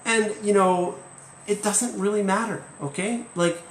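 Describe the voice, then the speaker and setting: A man's voice: high-pitched, fairly even intonation, unhurried, slight background noise. A man hosting a live-stream chat as an English teacher, talking emphatically and tagging points with "okay?". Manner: emphatic, keeps asking "okay?". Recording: roomy echo, faint ambience.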